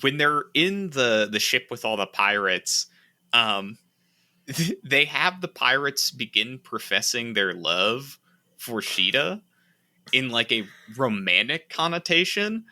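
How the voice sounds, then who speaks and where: A man's voice: mid-range voice, very animated, slow pace, sharp tone. A man co-hosting a podcast who chats casually about films, often restarting his sentences with amused asides. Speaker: podcast co-host. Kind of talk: casual movie discussion chat.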